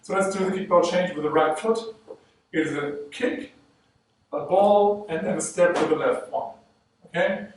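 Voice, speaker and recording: Dance teacher guy counting beats, voice a bit high, far from the mic. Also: moderate pace, slight background noise. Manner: counts beats aloud while demonstrating steps. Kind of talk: online dance lesson. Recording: roomy echo, speaking from away from the mic.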